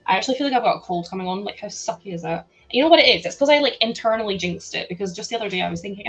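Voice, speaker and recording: A woman's voice: mid-range voice, lively intonation, rapid-fire, hardly any pauses, slightly rough, soft background music, rough recording. A young woman with a sore throat, chatting casually and giggling on a livestream while she builds, talking into a headset at home. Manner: chatty, giggly, reacts to chat aloud. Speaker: livestream host.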